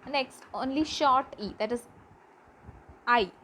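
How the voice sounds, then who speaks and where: A woman's voice: on the high side, slow pace, pushed and bright, a little hiss or hum, poor audio. A woman teacher, giving a pronunciation lesson and carefully repeating example words.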